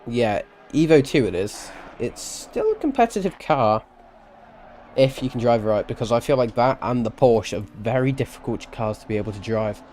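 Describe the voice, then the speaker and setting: A man's voice: mid-range voice, very animated, moderate pace, darkish tone, a little hiss or hum. A man giving live-streamed sim racing commentary, chatty and rambling, with self-deprecating asides and a tired edge.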